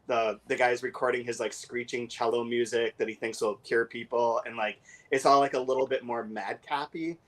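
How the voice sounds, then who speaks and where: A man in casual book-club talk, his pitch sitting right in the middle for a man. He leans on fillers and restarts and speeds up when he reads passages aloud. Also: fairly even intonation, normal speed, few pauses, fairly bright tone. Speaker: podcast co-host.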